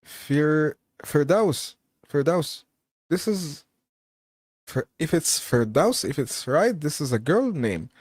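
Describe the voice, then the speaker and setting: A man's voice: on the high side, animated, slow pace, darkish tone, breathy edge, no echo, studio quality. A man hosting a live Q&A stream, chatting casually, laughing often and reading viewer comments aloud.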